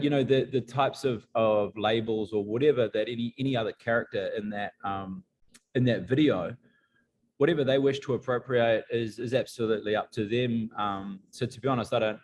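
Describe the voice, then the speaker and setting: A man, a band member guest, talking in halting stops and restarts. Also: mid-range voice. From New Zealand. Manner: hesitant, many restarts. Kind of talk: casual interview chat.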